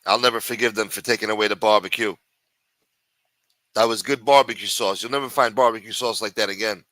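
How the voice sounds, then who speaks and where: A man's voice: lowish voice, steady tone, a little fast, fairly bright tone, no room sound. A man hosting a late-night livestream, chatting with viewers in a sing-song voice and full of crude joking banter. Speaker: livestream host.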